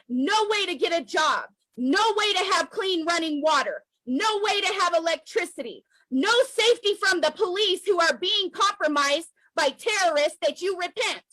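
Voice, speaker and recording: A woman's voice: extremely high pitch, bright, forceful tone, dry recording, poor audio. An American woman giving an impassioned, emotional political address straight to the camera, emphatic and repeating lines for force. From United States. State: emotional, near tears. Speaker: activist vlogger.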